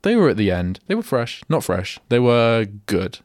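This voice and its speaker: This young radio host's medium-pitched voice swings widely in pitch as he chats alone on air at a moderate pace, rambling and cutting himself off mid-sentence. His tone is a little mellow. It's a dry, studio-quality recording made in a radio studio.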